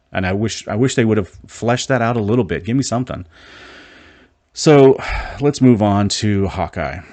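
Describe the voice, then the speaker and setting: A man's voice: lowish voice, a little mellow, dry recording. A man casually reviewing a TV episode, rambling with many restarts, frank and mildly exasperated. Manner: rambling, frequent restarts and filler. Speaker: show reviewer.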